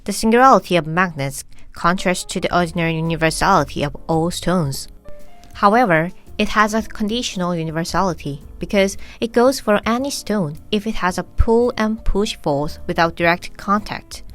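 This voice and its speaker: A woman reading a scripted philosophy lecture in a measured, explanatory way; her first language is Korean. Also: on the low side, a bit bright, soft background music. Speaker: narrator.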